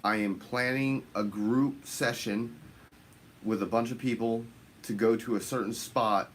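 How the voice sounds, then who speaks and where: A man hosting a fishing channel livestream, greeting viewers by name in casual chat, his voice jumping up high on the shout-outs. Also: fairly even intonation, measured pace, slight background noise.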